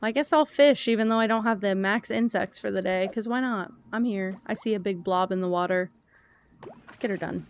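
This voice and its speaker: A woman's voice: mid-range voice, moderate pace, slight background noise. Chatty young woman streaming a game. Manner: chatty, rambling, thinks aloud, reads chat. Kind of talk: casual gaming stream chat.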